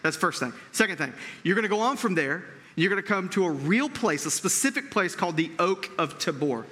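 Here a pastor preaches with a high-pitched, sharp voice, brisk delivery and lively intonation, followed by a long reverb tail. He talks to the congregation conversationally, checking in with them frequently and repeating words as he works through ideas.

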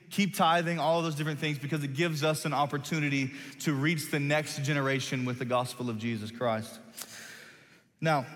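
A man's voice: medium pitch, fairly bright tone. A man, preaching as a pastor and telling a self-deprecating, folksy story in a large church hall. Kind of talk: sermon with personal story.

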